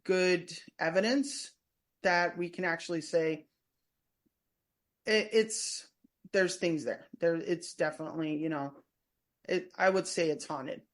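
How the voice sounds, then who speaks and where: A woman with a fairly low voice speaks at a measured pace, leaving long pauses. She is a podcast guest, a former prison staff member and tour guide, telling stories in a casual interview; her talk is chatty and meandering, and she often restarts sentences.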